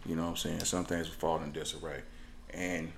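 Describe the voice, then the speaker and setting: A man's voice: extremely low pitch, little pitch movement, quick pace, gravelly, a little hiss or hum. A man telling a comic story on a podcast as co-host, rambling and laughing often.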